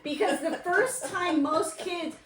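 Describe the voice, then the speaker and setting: A woman's voice: very high voice, slow pace, fairly bright tone, distant mic. A woman co-hosting a casual podcast chat about reading, enthusiastic and reflective. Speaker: podcast co-host, educator. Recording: roomy, off-mic with faint noise.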